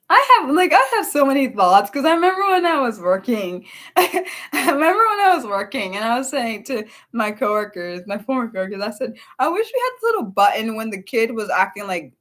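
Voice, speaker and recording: A woman's voice: a little high, big pitch swings, moderate pace, a bit bright. Rambling woman chatting on a livestream. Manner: rambling, self-interrupting, answers chat aloud. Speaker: livestream host. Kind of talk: unscripted livestream chat.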